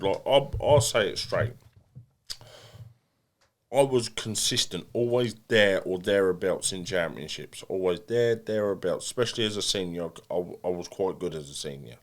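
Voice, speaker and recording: Talking at a normal speed, the man has a low-pitched, expressive voice. He's an English boxer being interviewed casually on a podcast, and he speaks plainly, mocks himself, and often begins again mid-thought.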